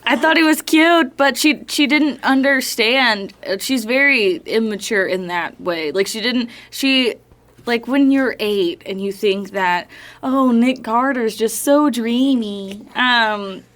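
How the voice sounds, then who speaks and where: A woman player in a tabletop game, chatting casually in a rambling, halting way. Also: a little high, fairly bright tone. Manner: rambling, halting, self-correcting.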